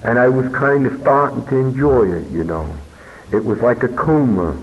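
A man telling his personal recovery story as a meeting speaker, earnest and unhurried, with emphatic pauses. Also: medium pitch. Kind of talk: personal testimony talk. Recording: dull lo-fi recording with long hall reverb.

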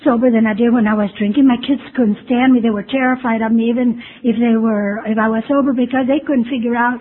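A woman's voice: on the high side, fairly even intonation, fast. A woman telling her personal recovery story to a meeting, candid and self-mocking with wry humor. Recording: tinny phone-like lo-fi recording with faint hiss.

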